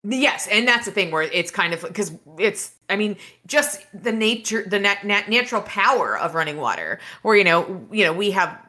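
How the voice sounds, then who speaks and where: A woman's voice: medium pitch, animated, normal speed, hardly any pauses, bright, forceful tone. A woman podcast host casually retelling a novel's chapters, rambling with fillers and restarts. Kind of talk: casual book recap.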